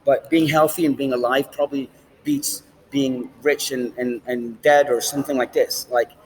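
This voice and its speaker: A man's voice: medium pitch, fairly even intonation, moderate pace, a little hiss or hum, poor audio. A man vlogging in a rambling, casual monologue, swearing often and jumping between topics. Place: outdoors, standing, smoking a cigar.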